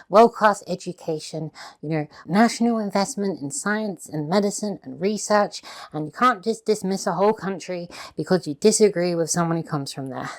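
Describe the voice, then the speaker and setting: A woman in a heated, swear-filled vlog rant, tagging her points with constant questions. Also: lowish voice. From Australia. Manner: heavy swearing, tag questions, heated ranting. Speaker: video host. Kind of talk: casual commentary vlog.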